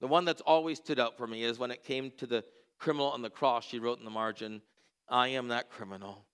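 A pastor preaches to his church, his voice bright and forward. He tells stories earnestly and lets his voice sink low and quiet when a moment turns tender. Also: brisk, clean tone. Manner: earnest, drops to a hushed voice at emotional moments. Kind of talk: sermon storytelling.

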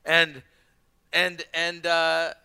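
A man's voice: on the high side, monotone, extremely slow, creaky, pushed and bright, clean tone. A man in his forties, a pastor, preaching a sermon in a conversational way, with asides and quoted dialogue. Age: 40s.

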